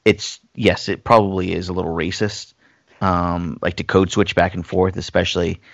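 A man's voice: low voice, flat delivery, normal speed, vocal fry, no room sound, muffled recording. A man in his thirties hosting a podcast, telling rambling stories in casual chat. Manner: rambling storyteller, mimics voices in anecdotes. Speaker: podcast host.

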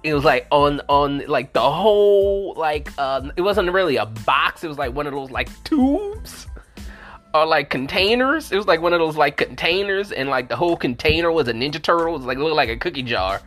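Over soft background music, a man hosting a movie review show rambles through childhood stories in a nostalgic, casual vlog-style chat. His voice sits on the high side and is a bit bright, very animated at a normal speed, and he fills it with "like," swearing and laughter.

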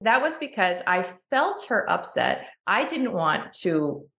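A woman's voice: mid-range voice, very animated, a little slow, gravelly, fairly bright tone, roomy sound. A woman hosting a podcast conversation, reflective and asking layered questions with frequent fillers. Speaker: podcast host. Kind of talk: casual conversational interview.

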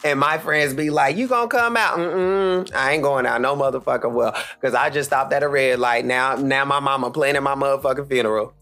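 A man's voice: steady tone, brisk, few pauses, a bit bright, faint music behind. Heated, foul-mouthed man in his thirties. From Charlotte, North Carolina. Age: 30s. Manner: blunt, heated, cursing freely, swings pitch up for emphasis. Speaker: podcast host. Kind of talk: profane solo podcast rant.

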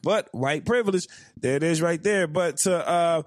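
A man's voice: fairly high pitch, dry recording. Profane laughing man, dry close sound. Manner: profane, laughs a lot, fast bursts. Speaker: podcast co-host. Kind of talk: casual chat.

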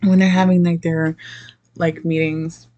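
A woman casually recapping a movie in an animated, profane rant, often acting out what people said. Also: low voice, measured pace, lo-fi sound. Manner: animated, profane, laughs often, acts out quotes.

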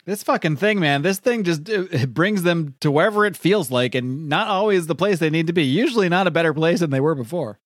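A man co-hosting a podcast, chiming in with quick, casual commentary. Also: fairly high pitch, animated. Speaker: podcast co-host. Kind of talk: casual chat.

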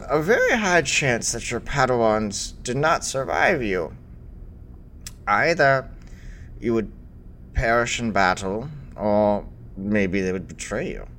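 A man's voice: mid-range voice, sing-song, slow, a bit bright, slight background noise. A man voicing a very old female Jedi grandmaster who talks in a kindly, rambling way.

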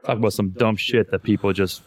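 A man's voice: lowish voice, steady tone, brisk. Profane, loose-talking male podcast host. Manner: loose and profane, says "man" constantly. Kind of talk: casual chat.

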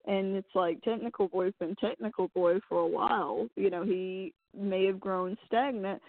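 A woman of middle pitch, thinking aloud and piecing together a theory about a show in casual chat. Her voice sounds close and dry, with no room around it. The audio is narrow and phone-like. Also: steady tone, moderate pace, creaky, no room sound.

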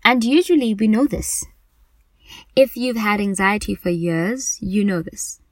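A woman's voice: mid-range voice, unhurried, no room sound. A woman podcast host speaking earnestly and emphatically about anxiety in a personal monologue, often repeating herself for stress.

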